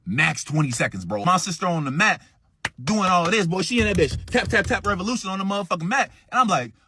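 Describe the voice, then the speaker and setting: A man telling a story in a casual storytime, animated and profane, acting out what others said. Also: sits high, fast talker, slight background noise.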